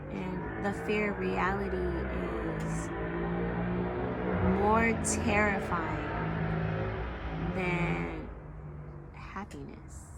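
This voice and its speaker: A young woman talking slowly and emotionally in a personal confessional vlog, reflective, with soft pauses. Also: mid-range voice, creaky. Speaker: vlogger.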